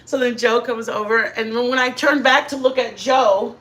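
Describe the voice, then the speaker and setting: A middle-aged woman hosting a casual livestream from her living room, telling rambling, animated stories to her chat. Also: fairly high pitch, moderate pace. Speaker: channel host.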